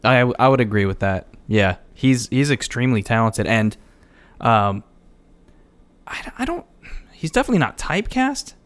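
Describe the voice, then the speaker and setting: A man's voice: mid-range voice, very animated, moderate pace, long pauses, a bit bright, clean tone. Earnest man in podcast chat. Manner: earnest, agreeable, with small stammered restarts. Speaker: podcast co-host. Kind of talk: casual chat.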